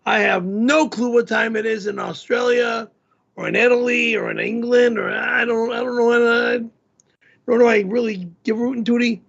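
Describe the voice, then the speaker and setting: A man's voice: extremely high pitch, fairly even intonation, normal speed, gravelly, a bit bright. A man hosting a casual live stream, rambling and poking fun at himself over a remote call mic. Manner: rambling, self-deprecating. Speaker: host. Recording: muffled lo-fi call audio.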